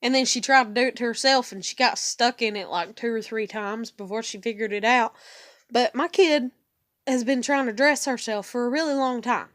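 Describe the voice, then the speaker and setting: A woman's voice: on the high side, normal speed, a bit bright. A worn-out woman venting in a casual monologue, ranting with plenty of swearing and sounding near tears. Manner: profane, exasperated ranting. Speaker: vlogger.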